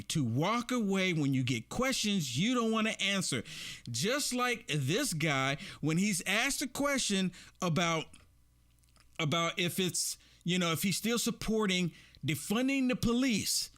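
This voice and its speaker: A man hosting casual political commentary, animated, repeating himself and laughing often. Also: high-pitched, measured pace.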